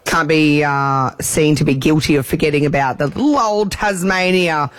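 Australian man, breakfast radio co-host, rambling chatter, slightly high voice. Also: moderate pace, fairly bright tone, no room sound, faint music behind. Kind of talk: casual banter.

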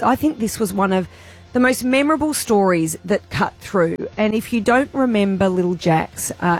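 A woman radio host, speaking in a heartfelt, animated way about a charity appeal. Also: mid-range voice, husky. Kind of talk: breakfast radio chat.

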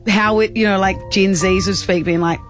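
An Australian woman co-hosting a radio show, playful and quick, laughing often. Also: medium pitch, fairly even intonation, soft background music. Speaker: radio co-host. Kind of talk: breakfast radio banter.

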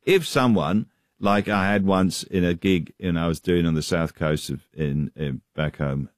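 Rambling comedian with deep voice. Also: male voice, a little slow, no room sound, studio quality. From West Country, England. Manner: rambling, hesitant, many restarts. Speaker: comedian guest. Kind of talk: radio interview chat.

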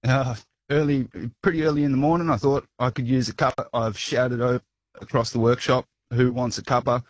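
A man's voice: mid-range voice, fairly even intonation, a little fast, slightly rough, dry recording, muffled recording. A man calling a radio show, telling a story with dry humour. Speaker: caller.

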